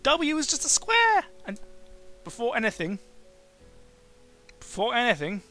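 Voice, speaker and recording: A man's voice: very high-pitched, wildly swooping pitch, unhurried, bright, forceful tone, soft background music. A man hosting a let's play, making joking, sarcastic asides about the game.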